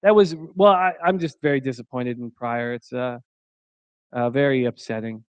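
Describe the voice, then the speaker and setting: A man's voice: medium pitch, moderate pace, smooth, dry recording, highs cut off. A man hosting a live sports betting stream from a hotel room, reading viewer chat aloud in a crude, joking way and laughing often. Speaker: sports betting show host.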